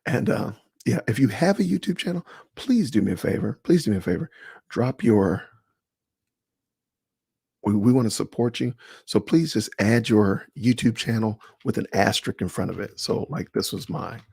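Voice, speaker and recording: A man hosting a livestream, chatting casually and answering viewers by name in an animated, slangy way. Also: on the low side, moderate pace, vocal fry, husky, no echo, studio quality. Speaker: livestream host. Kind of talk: casual livestream chat reading comments.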